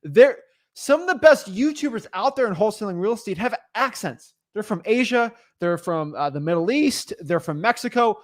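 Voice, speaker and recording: A man's voice: high-pitched, animated, moderate pace, dry recording. A young man co-hosting a live stream, talking emphatically and repeating his points. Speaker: co-host of a live real estate stream.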